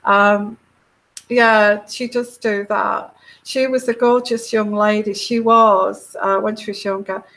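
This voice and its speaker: A woman's voice: medium pitch, flat delivery, takes it slowly, vocal fry, fairly bright tone, low-quality recording. A middle-aged woman with a British accent hosting a casual tarot livestream, chatting and reading out viewer comments in a meandering, hesitant way full of fillers.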